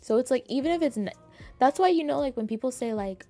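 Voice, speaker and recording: A young adult woman chatting casually with her live chat as a streamer, in a bubbly, animated manner full of fillers. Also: fairly high pitch, quick pace, faint music behind. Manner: bubbly, animated, lots of "like", acts out quoted voices.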